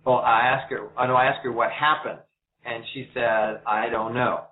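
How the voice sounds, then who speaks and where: A man answers interview questions in a brisk, storytelling way. He slips into the voices of the people he quotes. The sound is thin and tinny, like a phone line. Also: medium pitch, steady tone. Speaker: interview guest.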